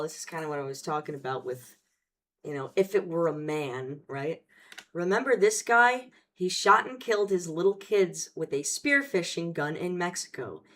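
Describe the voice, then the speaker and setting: A woman hosting casual commentary, talking in a blunt, profane and sarcastic way. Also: fairly low pitch. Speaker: host.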